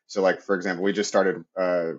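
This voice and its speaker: Deep-voiced chatty man, dull lo-fi audio. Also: little pitch movement, brisk. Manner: loose, chatty, leans on "like" and tag "right?". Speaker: podcast guest. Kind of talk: casual interview talk.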